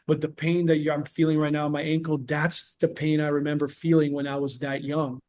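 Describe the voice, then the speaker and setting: A male therapist speaks in a relaxed interview, earnest and patient as he walks through examples. His voice sits a little high for a man. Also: fairly quick. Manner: earnest, explains with patient examples and quoted dialogue. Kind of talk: casual podcast interview.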